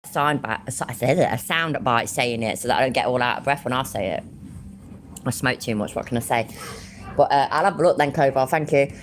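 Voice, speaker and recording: A woman's voice: extremely low pitch, fairly quick, slight background noise. A woman hosting a casual commentary channel from home, sarcastic, swearing freely and laughing easily.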